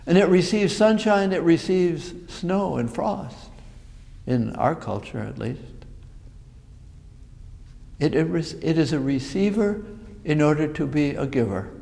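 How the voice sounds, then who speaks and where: A Jesuit priest giving a sermon in a church, speaking in slow, reflective phrases. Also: male voice, fairly high pitch, very animated, vocal fry, a little mellow. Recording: long reverb of a large hall.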